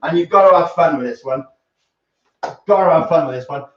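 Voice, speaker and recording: A man's voice: a little high, brisk, soft background music. A man teaching a dance class on a live stream, chatty, counting the steps aloud. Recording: roomy, distant, dull live stream.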